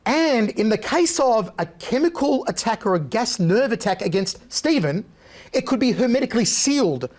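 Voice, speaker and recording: High-voiced man telling stories. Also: normal speed. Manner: lively storyteller who mimics other people's voices. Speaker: interview guest. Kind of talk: animated anecdote-telling.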